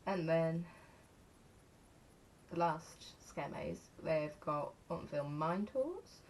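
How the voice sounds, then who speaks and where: A woman's voice: deep voice, expressive, slow pace, darkish tone, a little hiss or hum. A young English woman chatting casually to camera in a rambling, self-mocking way, counting aloud as she goes. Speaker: vlogger.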